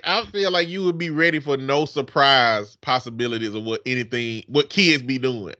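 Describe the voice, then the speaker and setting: A man's voice: medium pitch, pushed and bright, no echo, muffled recording. A man co-hosting a casual podcast, telling stories in a joking, profane way. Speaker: podcast co-host.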